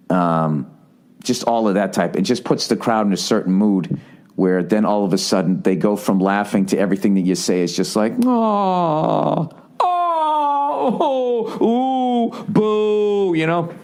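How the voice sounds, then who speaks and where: A podcast host in his late forties with a Boston accent delivers a casual storytelling monologue, rambling, swearing, and interrupting himself. His voice is low-pitched and darkish, at a moderate pace.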